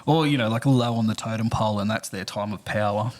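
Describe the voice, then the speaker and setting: A man's voice: fairly low pitch, quick pace. A man co-hosting a casual podcast, reading a listener's story aloud and laughing often as he goes. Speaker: podcast co-host.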